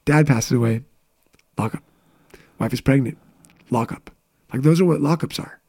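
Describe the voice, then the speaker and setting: A man's voice: mid-range voice, dark tone, breathy edge. A man in his thirties, a business coach, telling candid personal stories in a casual interview chat. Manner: candid, storytelling, quick asides.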